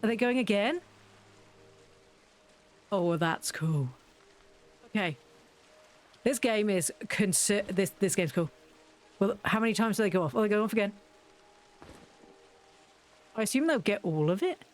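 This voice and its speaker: A woman's voice: medium pitch, expressive, measured pace, pauses often. Chatty young woman ranting over gameplay. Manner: chatty, ranting, laughs often. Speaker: gaming video creator. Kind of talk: casual gameplay commentary.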